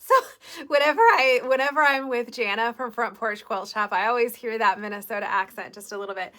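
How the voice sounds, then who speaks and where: A woman's voice: on the high side, brisk, sharp tone. A woman with a Midwestern American accent hosting a live shop sale, chatty and upbeat, explaining step by step. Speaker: quilt shop host.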